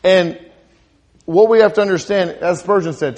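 Man, preacher, sermon, higher-pitched voice, emphatic build-ups, repeats himself. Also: moderate pace. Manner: rising to emphatic crescendos, asks the congregation questions; restarts and repeats words.

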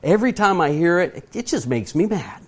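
A middle-aged man preaching a sermon, earnest and emphatic, slowing down to stress his points and putting direct questions to his listeners. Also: high voice, sing-song. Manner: asks the audience direct questions.

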